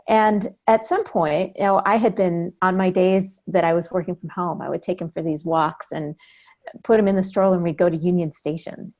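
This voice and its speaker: A woman's voice: fairly low pitch, mellow. A woman in her fifties, a podcast guest, telling a personal story reflectively, acting out the lines of the people in it. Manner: reflective, vivid storytelling with quoted dialogue.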